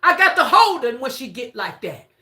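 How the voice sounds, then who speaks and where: A woman giving a casual spiritual reading on a live stream, excitable and repetitive, swearing freely. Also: sits high, moderate pace.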